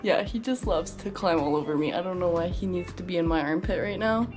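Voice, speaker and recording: Over background music, a woman casually shows how she cares for her exotic pet, using lots of fillers and cooing baby talk at the animal. Her voice is fairly low and fairly quick.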